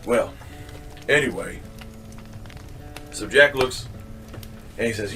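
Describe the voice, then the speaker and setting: A man's voice: mid-range voice, slow, pauses often, pushed and bright, far from the mic. Man, casual storyteller, rambling, mild swearing, set back from the mic, faint music behind.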